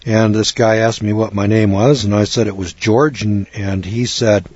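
A man's voice: lowish voice, flat delivery, moderate pace, a little mellow, breathy edge, no room sound, lo-fi sound. An older man from the western United States talking in a folksy, rambling way about names and scripture, often spelling words out letter by letter. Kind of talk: casual religious talk, answering a question.

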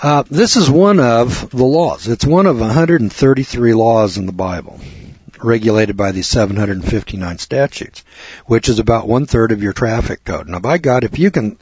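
Man preaching, blunt and crude, husky voice, dry close sound. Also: on the low side, a little mellow, dry recording, highs cut off. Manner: blunt, folksy, crude, punchy. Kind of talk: sermon.

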